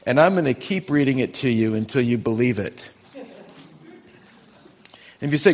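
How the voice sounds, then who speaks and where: A man, a pastor, preaching a Sunday morning sermon, talking to his congregation and slowing down to read scripture with emphasis. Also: medium pitch, animated, a little mellow. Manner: earnest, conversational preaching with slow emphatic scripture reading. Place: church sanctuary.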